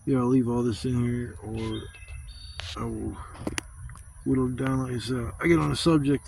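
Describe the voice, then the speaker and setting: A man rambles through stories at a nighttime campsite, swearing freely and getting animated as he goes. His voice is dark and mellow. Faint crickets and insects chirp in the background. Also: medium pitch, creaky, slight background noise. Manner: profane, rambling, animated when retelling stories. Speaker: camping vlogger. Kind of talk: casual rambling storytelling. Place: campsite in the woods, outdoors.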